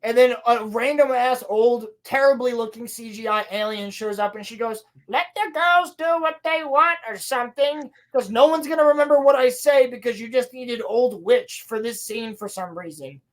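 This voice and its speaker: A woman on a podcast, casually recapping a show with sarcasm and a lot of swearing, slipping into quick playful voices for quoted lines. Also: fairly high pitch, darkish tone. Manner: sarcastic, profane, mocking. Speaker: podcast co-host reviewing a TV show. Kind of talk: casual chat.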